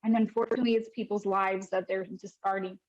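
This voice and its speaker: A woman's voice: mid-range voice, flat delivery, fast talker, darkish tone. A woman, speaking to viewers in a personal vlog with impassioned frustration. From United States. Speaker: vlogger, mother sharing her birth story. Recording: dull lo-fi audio.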